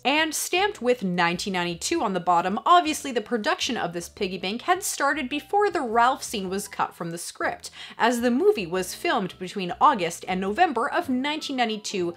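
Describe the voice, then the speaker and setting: A woman's voice: sits high, very animated, normal speed, hardly any pauses, sharp tone, soft background music. A young adult woman hosting a casual video, reading aloud from a novel and explaining with enthusiasm and playful asides. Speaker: YouTube host.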